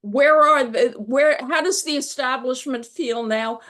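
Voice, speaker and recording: A woman being interviewed as an author, telling stories in a reflective, measured way. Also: high-pitched, fairly bright tone. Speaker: guest author. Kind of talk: conversational interview.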